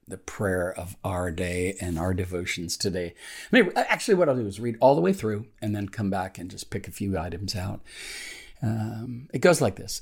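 A man, a pastor, giving a daily devotional, speaking haltingly with many fillers and reading a prayer slowly. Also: lowish voice, creaky.

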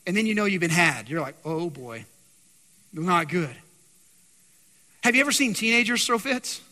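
A man preaching to his congregation with a high, bright, forceful voice, constantly quizzing the listeners. His sermon rings through a church sanctuary with a long reverb tail. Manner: animated, keeps quizzing the congregation. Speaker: pastor.

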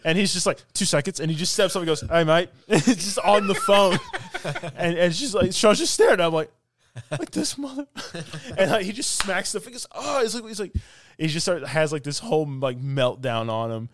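A man's voice: high-pitched, lively intonation, moderate pace, no room sound, studio quality. Rambling man retelling film scenes. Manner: rambling, fills with "like", acts out quotes. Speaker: podcast co-host. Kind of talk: casual film review chat.

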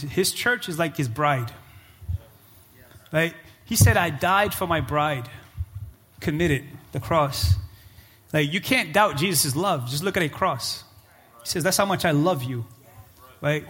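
High, bright-voiced preaching pastor. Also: male voice, breathy edge. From Cape Verde. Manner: preaching with shouted, rising climaxes and quiet prayer passages. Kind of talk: sermon. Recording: live church hall with music and congregation.

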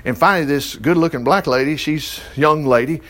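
A middle-aged man, teaching the Bible in a folksy, animated way with chuckling asides. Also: fairly high pitch, a little fast. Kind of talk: informal Bible study commentary.

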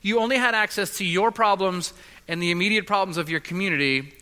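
A man preaching a sermon as a pastor, earnest and halting, often repeating his words. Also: high-pitched, pushed and bright. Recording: long reverb of a large hall.

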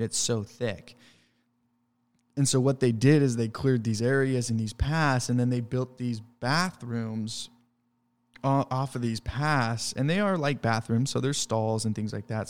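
A man's voice: medium pitch, clean tone, in a large hall. A man who works in pest control tells a travel story casually, rambling with fillers and restarts.

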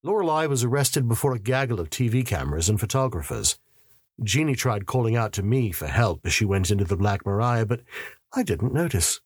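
A man's voice: on the low side, animated, brisk, breathy edge, no echo, clean studio sound. A man narrating a story in the first person with a wry, sardonic manner.

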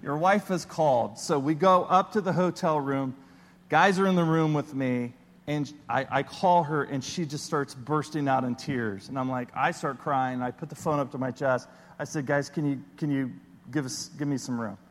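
A man preaching a sermon as a pastor, telling a personal story in an animated way and acting out his own panicked voice. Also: on the high side, moderate pace, in a large hall.

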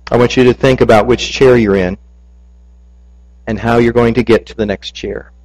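A man, a pastor, preaching a sermon, telling a story and ending in soft, earnest prayer. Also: on the low side, low-quality recording.

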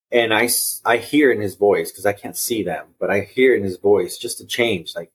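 A man's voice: on the low side, brisk, husky. A man guest on a podcast, telling personal stories in an earnest, reflective way, often repeating and restarting his phrases. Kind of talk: reflective conversational storytelling.

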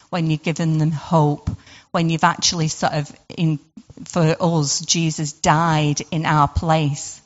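A woman's voice: low-pitched, big-room sound. A woman giving an informal devotional talk, chatty and full of rhetorical questions and "sort of" fillers. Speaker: devotional speaker. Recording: dull lo-fi recording.

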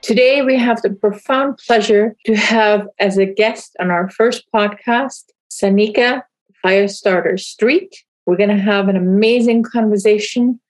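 A woman's voice: mid-range voice, measured pace, poor audio. A woman hosting a podcast, introducing her guest and asking questions with enthusiasm. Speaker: podcast host.

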